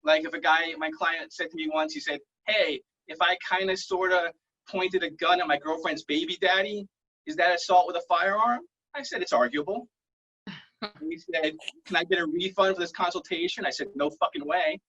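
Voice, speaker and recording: A man doing a stand-up set over a video call, rambling through self-deprecating jokes in a deadpan way. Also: high voice, moderate pace, breathy edge. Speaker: stand-up comedian. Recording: muffled lo-fi online call audio.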